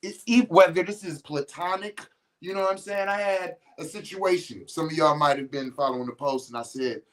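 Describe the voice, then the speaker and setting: A man's voice: fairly high pitch, fairly quick, fairly bright tone, rough recording. A man hosting a podcast, talking casually and bluntly to his listeners, swearing freely and stopping to restart his sentences as he tells stories. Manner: blunt, profane and emphatic, storytelling with restarts. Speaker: podcast host.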